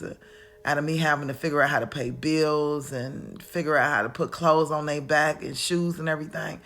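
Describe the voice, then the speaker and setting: A woman's voice: sits low, fairly bright tone. A woman in her forties talks at home in a reflective, casual monologue, chatty and calling the listener honey. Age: 40s. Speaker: vlogger. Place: at home, indoors.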